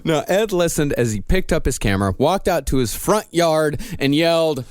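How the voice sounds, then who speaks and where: A man's voice: fairly high pitch, expressive, normal speed, smooth, no room sound, studio quality. A man hosting a comedy podcast, narrating a strange story and laughing often.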